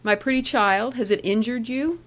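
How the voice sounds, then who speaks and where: A woman's voice: on the high side, moderate pace, voice pushed up, lightly acted. A woman voicing an old male outlaw counsellor in a storybook reading, jovial, sly and teasing. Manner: chuckling, teasing.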